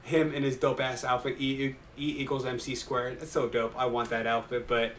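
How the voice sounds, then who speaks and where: A young man excitedly recapping an anime episode for his viewers, rambling with lots of fillers. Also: mid-range voice, normal speed, slight background noise. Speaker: anime reaction YouTuber.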